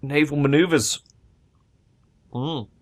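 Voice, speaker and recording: A young man giving loose, excitable gameplay commentary, thinking aloud and swearing freely. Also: fairly high pitch, takes it slowly. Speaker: let's play gamer.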